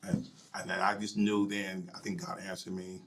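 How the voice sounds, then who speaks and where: A middle-aged male pastor telling his personal story in an interview, emotional and halting, sometimes dropping to a near whisper. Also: low-pitched, flat delivery, slight background noise. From United States.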